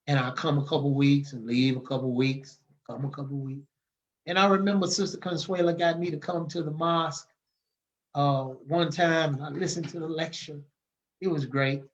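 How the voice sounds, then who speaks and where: A man, telling stories as a podcast guest in a lively, casual way and acting out the people he quotes. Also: on the high side, dull audio. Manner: animated, acts out the people he quotes, laughs often. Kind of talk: casual storytelling.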